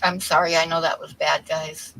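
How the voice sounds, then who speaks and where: A woman's voice: deep voice, flat delivery, normal speed, gravelly, fairly bright tone, slight background noise, low-quality recording. A woman hosting a livestream, chatting casually and telling corny jokes, then apologizing for them. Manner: joking, apologetic about bad jokes. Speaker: livestream host.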